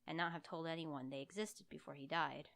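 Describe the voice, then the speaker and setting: A woman's voice: low voice, steady tone, a little fast, gravelly, a bit bright. A woman voicing an arrogant young male ghost hunter boss who lectures curtly, in a storybook reading. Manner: curt, lecturing.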